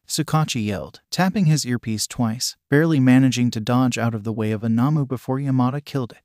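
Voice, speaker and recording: A man narrating a fan fiction story with a steady, even delivery. His voice sits at a middle pitch and is recorded dry and close, with no room sound. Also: brisk, hardly any pauses, no room sound.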